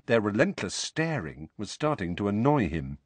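Man narrating, audiobook, low pitch, lively, husky, dry close recording. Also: moderate pace, dry recording. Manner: expressive storytelling. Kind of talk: scripted narration.

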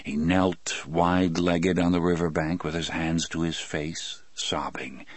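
Male audiobook narrator, very deep voice, slow and grave, dry close studio sound. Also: flat delivery, dry recording. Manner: measured, grave, unhurried storytelling. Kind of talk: scripted first-person audiobook narration.

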